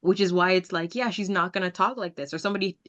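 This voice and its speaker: A woman's voice: fairly low pitch, quick pace, highs cut off. Emphatic woman with an American accent. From Jamaica. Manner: emphatic, animated, laughs often. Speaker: podcast host. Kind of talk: casual interview chat.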